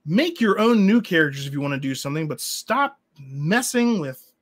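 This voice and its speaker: Sarcastic, animated man in casual chat. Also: on the high side, normal speed. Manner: animated, sarcastic, mocking impressions. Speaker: co-host.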